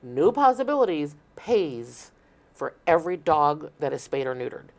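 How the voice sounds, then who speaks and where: Woman, earnest talk show guest, lowish voice, repeats and restarts. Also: big pitch swings, moderate pace, a little mellow. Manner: earnest, explains at length with many restarts. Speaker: shelter marketing manager, guest. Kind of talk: casual interview talk.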